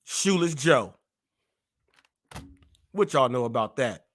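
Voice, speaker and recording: A man hosting a live stream, boasting and trash-talking in rapid-fire wordplay. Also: mid-range voice, animated, fairly bright tone. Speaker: host.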